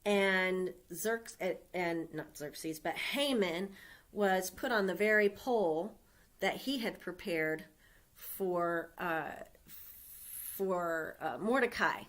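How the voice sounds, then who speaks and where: Speaking slowly in a fairly low, slightly bright voice, a woman delivers a storytelling sermon on a Sunday. She retells a scripture story in a casual, conversational way, turning aside now and then to address the congregation.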